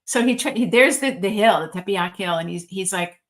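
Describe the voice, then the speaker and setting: A woman with a lower voice gives a relaxed spiritual talk as a reverend. She retells an old religious story in a chatty, storytelling way, dotted with ums and likes. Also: fairly quick, hardly any pauses. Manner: chatty and warm-hearted, frequent ums and likes, lively storytelling.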